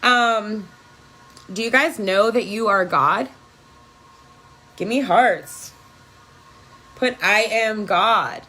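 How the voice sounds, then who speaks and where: A woman's voice: mid-range voice, drawn-out words, long pauses, bright, forceful tone, rough recording. A woman energy worker giving an emphatic, profane spiritual pep talk on a phone live video.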